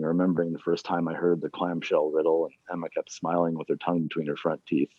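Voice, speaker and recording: Low-voiced guy reading his own story out loud, laid back, drops in ums between chapters, dull dry lo-fi sound. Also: little pitch movement, no room sound. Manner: plain unhurried reading with casual asides and fillers between chapters. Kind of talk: reading aloud at an online reading series.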